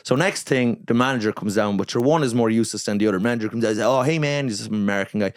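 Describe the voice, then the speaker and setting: A man telling a comic story as a podcast guest, animated and profane, acting out the people in it. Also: on the low side, very fast. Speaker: guest comedian.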